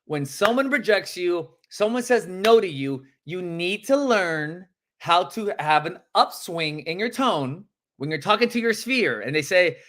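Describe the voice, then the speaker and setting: A man coaching real estate agents live, animated and emphatic, acting out phone calls and calling out viewers by name. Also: high-pitched, measured pace.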